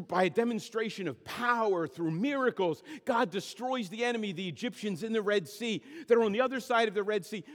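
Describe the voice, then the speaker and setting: A man's voice: high voice, long reverb tail. A man preaching a sermon, stressing and repeating key words. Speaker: pastor.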